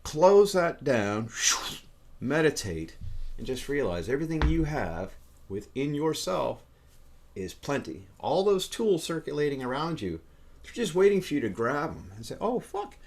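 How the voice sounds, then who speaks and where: A man hosting a casual podcast, talking in an excitable, profane, rambling way. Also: mid-range voice, a little slow. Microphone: camera setup.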